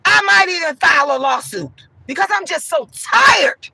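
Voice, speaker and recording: Loud, emphatic woman venting, bright and gravelly. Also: very high voice, expressive, normal speed, no echo, rough recording. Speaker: vlogger. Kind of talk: venting monologue to viewers.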